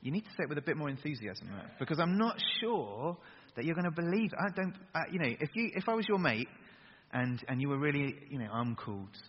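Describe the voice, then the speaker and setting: A man preaching a sermon and leading a prayer to a youth audience in a large hall, earnest, switching between loud urging and soft hushed lines and leading the crowd in call-and-response. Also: fairly high pitch, slightly rough. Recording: dull lo-fi recording with long hall reverb.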